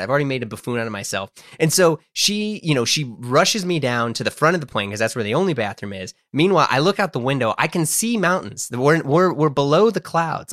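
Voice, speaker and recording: A man's voice: mid-range voice, very animated, quick pace, fairly bright tone, dry recording, studio quality. A man casually telling a personal story, rambling and poking fun at himself. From United States. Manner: rambling, self-deprecating, full of fillers and restarts.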